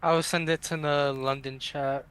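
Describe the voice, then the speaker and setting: A man plays in a tabletop game, relaxed and often chuckling. His voice is bright and smooth. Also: on the high side, normal speed. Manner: laid-back, laughs between words. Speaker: player. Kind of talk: casual tabletop play.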